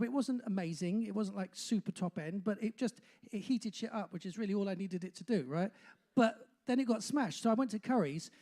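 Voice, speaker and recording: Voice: medium pitch, dark tone. An older compere, about sixty, with a faint Bristol accent talks live from a pub stage. The delivery rambles and mocks itself, full of filler "uh"s. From Bristol, England. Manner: rambling and self-mocking, with many filler "uh"s. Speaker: compere of a live music night. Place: pub function room, on stage.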